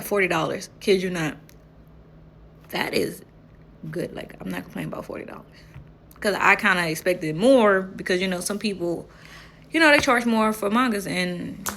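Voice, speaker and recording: A young woman telling a casual story in a vlog, animated, often laughing and swearing freely. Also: mid-range voice, creaky, a little hiss or hum. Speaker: vlogger.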